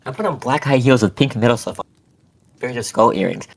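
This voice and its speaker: Husky giggly man reading aloud. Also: medium pitch, fast talker. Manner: giggly, reads with frequent laughing breaks and stumbles. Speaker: co-host reading a fanfic aloud. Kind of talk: casual reading and chat.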